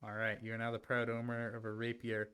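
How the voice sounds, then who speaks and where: A man runs a live-streamed tabletop game, talking casually and working through rules out loud. His voice is bright and crisp, at an ordinary male pitch. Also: completely flat delivery, brisk. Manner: casual, thinks aloud over rules. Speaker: game master.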